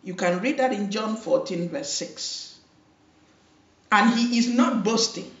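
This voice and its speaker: Slow, earnest woman preaching from afar. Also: medium pitch. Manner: emphatic preaching with repeated phrases and calls for amen. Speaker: pastor. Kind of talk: sermon. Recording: roomy, distant, dull lo-fi hall recording.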